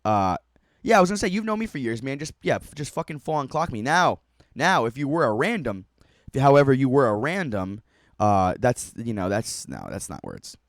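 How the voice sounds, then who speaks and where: A man's voice: mid-range voice, sing-song, fairly quick, dry recording. Guy cussing and laughing through a clip, really bouncy voice, dead dry sound. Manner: profane, laughing, mocking running commentary. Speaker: streamer reacting to a video. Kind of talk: casual reaction commentary.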